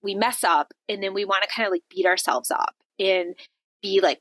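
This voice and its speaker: A woman hosting a devotional podcast, talking earnestly and conversationally about faith, with lively shifts when she quotes others. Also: mid-range voice, normal speed, no echo. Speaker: podcast host.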